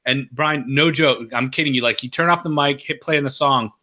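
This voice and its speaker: A middle-aged man telling a story as a guest in an interview, lively and acting out the voices of the people in it. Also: brisk. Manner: animated, acts out quoted voices with big pitch jumps.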